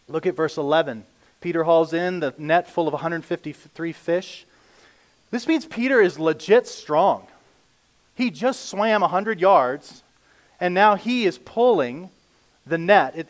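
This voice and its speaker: Male pastor, casual sermon delivery, fairly high voice, emphatic then hushed. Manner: conversational preaching, reads scripture aloud, swings from emphatic to hushed.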